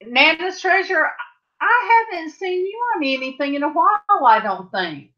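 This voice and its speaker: A middle-aged Californian woman hosts a livestream from her home craft room, chatting casually and rambling as she answers viewers' comments. Her voice sits high, very animated and fairly bright at a moderate pace, and the audio is slightly dull and lo-fi.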